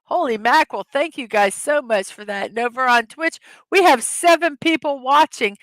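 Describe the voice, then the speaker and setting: A woman's voice: high-pitched, normal speed, a bit bright, no room sound. A middle-aged woman hosting a casual livestream, giggling as she reads viewers' jokes aloud. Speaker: livestream host.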